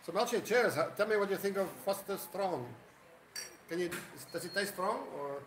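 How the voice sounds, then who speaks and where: A man's voice: high voice, lively intonation, moderate pace, roomy sound, background noise. Chatty man hosting a live stream. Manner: rambling, greets viewers by name. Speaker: livestream host. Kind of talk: casual live-stream chat.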